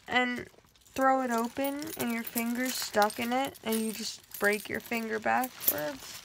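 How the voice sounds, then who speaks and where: Slow-talking young woman, noisy recording. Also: on the high side, gravelly. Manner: rambling, self-mocking, lots of fillers. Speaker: vlogger. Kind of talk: casual chat. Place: at home indoors.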